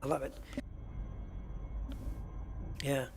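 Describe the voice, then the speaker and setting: A man's voice: very slow, slight background noise. A man streaming a game, chatting casually and rambling as he answers viewer questions. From United Kingdom. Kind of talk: casual live-stream chat while playing.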